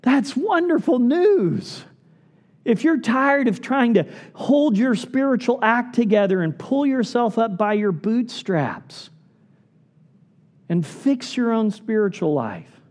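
Here a middle-aged man gives a pastor's sermon with a pleading, earnest quality. His voice often falls soft and low to underline key moments.

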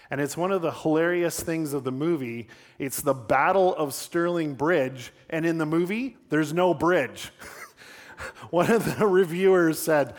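A man giving a sermon-style talk, retelling a story in a conversational way with dry, self-deprecating humor. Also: a little high.

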